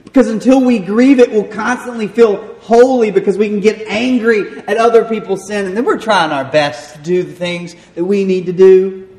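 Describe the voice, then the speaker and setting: A young man with a Southern American accent, preaching a sermon in a church and telling stories about himself with a lively, self-mocking delivery. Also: sits high, normal speed. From Southern United States. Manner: animated storyteller, self-mocking, acts out voices. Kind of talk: sermon with personal story. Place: church sanctuary. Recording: echoey hall with long reverb.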